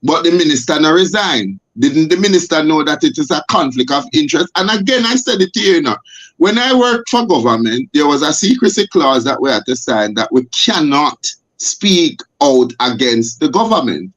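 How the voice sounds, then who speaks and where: A man with a Jamaican accent, a guest on a talk show, arguing forcefully and firing off rhetorical questions. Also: a little high, sing-song, moderate pace. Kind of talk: impassioned talk show discussion. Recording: dull lo-fi audio.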